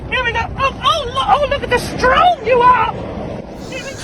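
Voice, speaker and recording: A woman's voice: moderate pace, pushed and bright, a faint crowd, rough recording. A woman doing a fussy, giggly lady with a stalled car. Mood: coaxing. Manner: high-pitched, giggly, overly polite. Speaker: prankster posing as stranded driver. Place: outdoors on a city street. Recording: outdoor street recording with traffic noise. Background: street traffic and passersby.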